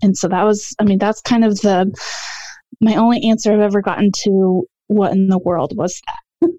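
A woman calling in to tell a childhood ghost story in a casual, halting way, full of ums and restarts. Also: medium pitch, steady tone, dark tone, no room sound, muffled recording. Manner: hesitant, many ums and restarts. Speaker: caller sharing a ghost story.

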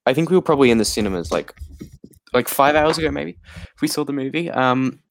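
A man's voice: mid-range voice, expressive, fairly quick, vocal fry, dry recording. A tired man co-hosting a podcast, chatting casually about a film and rambling with lots of fillers and laughs. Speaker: podcast co-host.

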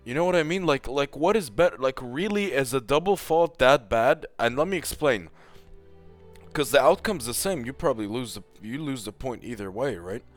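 A man in a fired-up, profane rant, hammering his points with repetition. His voice sits at an ordinary middle pitch, and faint music plays underneath. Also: lively intonation, normal speed. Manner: profane, heated, emphatic. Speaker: tennis commentator. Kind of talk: casual opinionated rant.

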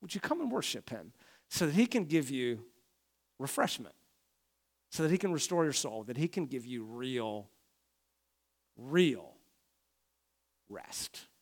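A man pastor preaching a conversational sermon, swinging from quiet to loud and acting out complaining voices. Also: mid-range voice, very animated, measured pace, pauses often. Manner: conversational preaching, rising and falling in volume, acts out complaining voices.

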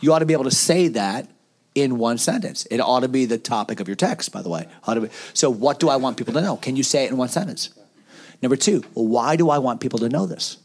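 A pastor in a round-table discussion on preaching, talking in an animated way with rhetorical questions and frequent restarts. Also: male voice, medium pitch, fast talker.

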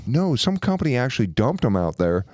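A man co-hosting a podcast in casual, profane banter, telling loud stories and swearing constantly. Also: brisk, no echo, clean studio sound. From New Jersey. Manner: loud storytelling, swears constantly, lively pitch swings. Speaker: podcast co-host.

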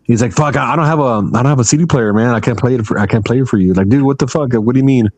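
A man's voice: medium pitch, rapid-fire, darkish tone, no room sound. A man co-hosting a podcast, teasing his friend with profane, insistent banter. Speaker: podcast co-host. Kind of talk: casual banter.

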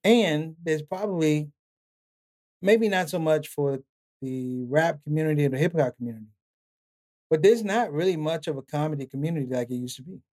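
A middle-aged male comedian, appearing as a podcast guest, tells long stories in a casual interview and acts out the people he quotes, laughing along. His voice is fairly high and his pace moderate.

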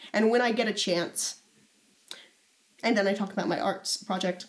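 A woman's voice: medium pitch, moderate pace, long pauses. A young woman co-hosting a casual chat, reading old diary entries aloud in a playful, teasing way.

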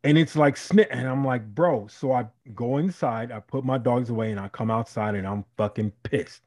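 A married man from Chicago telling a story in a casual podcast chat, animated and profane, acting out the people in it. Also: medium pitch, moderate pace. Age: adult, married. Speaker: podcast co-host.

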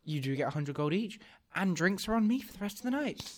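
An accommodating male barkeep in a fantasy tavern, speaking in a voice, as a man plays him. He has a fairly high pitch and a warm, welcoming manner. He is happy to serve his guests in a tabletop game. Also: sing-song, fast. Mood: obliging.

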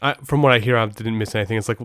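Rambling podcast host, smooth dry voice. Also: male voice, lowish voice, rapid-fire, fairly bright tone, no echo. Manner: rambling, many restarts and asides. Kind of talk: casual podcast storytelling.

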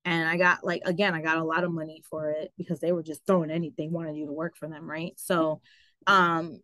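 A woman telling her story as an interview guest, animated and full of fillers like "like" and "um". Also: on the low side, fairly quick, dry recording, rough recording. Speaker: guest, travel business owner. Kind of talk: casual interview.

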